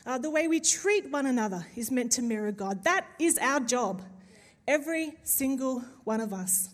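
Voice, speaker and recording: Lively woman preaching a sermon. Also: sits high, moderate pace. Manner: humorous, animated storytelling with emphatic build-ups.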